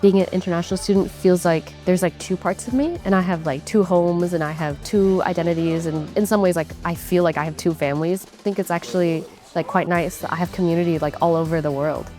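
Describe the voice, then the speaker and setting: A young woman from Taiwan in her twenties, speaking wistfully in an interview, often pausing on 'like'. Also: lowish voice, fairly even intonation, faint music behind. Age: 20s. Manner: wistful, soft-spoken, frequent 'like'. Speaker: international student. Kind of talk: interview testimony.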